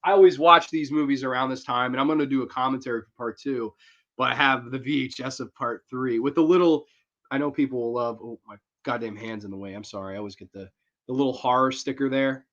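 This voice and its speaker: A man's voice: mid-range voice, fast talker, fairly bright tone. A young man hosting a horror movie review livestream, chatting casually and rambling as he answers viewers. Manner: rambling, slangy, reads chat aloud. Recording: dull lo-fi stream audio.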